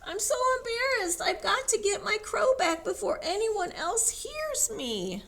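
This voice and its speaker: A woman voicing a flustered male rooster in a storybook, speaking high and hurried. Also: big pitch swings, fairly bright tone, full character voice. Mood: embarrassed. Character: flustered male rooster who lost his crow.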